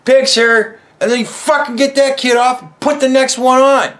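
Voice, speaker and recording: A man's voice: very high-pitched, fairly even intonation, fairly quick, fairly bright tone. A man hosting a podcast, delivering an angry, mocking political rant full of swearing. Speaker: podcast host. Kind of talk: profane political commentary rant.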